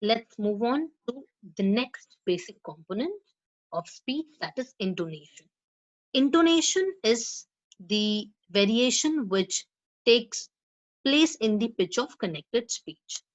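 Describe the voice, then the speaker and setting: A woman's voice: fairly high pitch, animated, takes it slowly, rough recording. A woman teaching a lesson on pronunciation to students, explaining step by step and often checking in with "right?". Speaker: spoken English teacher. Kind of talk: lecture to students.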